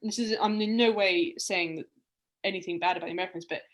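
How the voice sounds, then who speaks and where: This is a woman in her young adult years with a voice that sits on the lower side. She talks casually and reflectively, winding through her stories with frequent ums and restarts. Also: fairly even intonation, fast. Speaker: guest, round-the-world cyclist. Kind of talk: casual podcast conversation.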